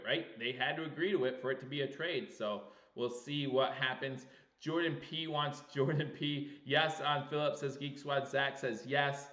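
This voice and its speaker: A man hosting a live sports talk stream, reading viewer chat aloud and getting excited over breaking trade news. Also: mid-range voice, reverberant, dull audio. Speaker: livestream sports show host.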